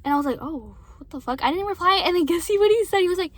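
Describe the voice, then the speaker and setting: High-voiced young woman venting casually. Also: very fast. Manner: rambling, frequent swearing and apologies. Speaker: vlogger.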